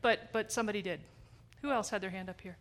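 A woman's voice: mid-range voice, fast talker. Questioning woman pastor leading discussion. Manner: prodding, questioning, laughing easily. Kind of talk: open group discussion in church. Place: church sanctuary.

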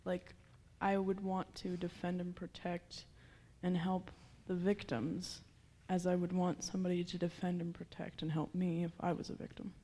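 A woman from the congregation who speaks earnestly and directly. Her voice is low, flat and mellow in tone, with faint noise behind it. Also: moderate pace, few pauses. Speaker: congregation member.

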